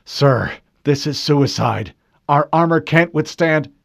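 A man voicing a panicky male lieutenant whose strained, pleading voice is raised and loud. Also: on the high side, slow, vocal fry, no echo, clean studio sound, pitched above the performer's own voice. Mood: panicked.

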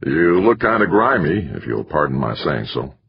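A man voicing a grave, earnest middle-aged university president and bishop who speaks in a measured, consoling way. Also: very deep voice, sing-song, vocal fry, husky, exaggerated voice. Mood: concerned. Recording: muffled lo-fi recording.

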